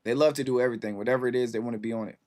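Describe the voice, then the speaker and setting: A man's voice: mid-range voice, steady tone, rapid-fire, a little mellow. A man in his thirties hosting a casual livestream, chatting with viewers in a laid-back, rambling way full of slang and fillers. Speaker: livestream host.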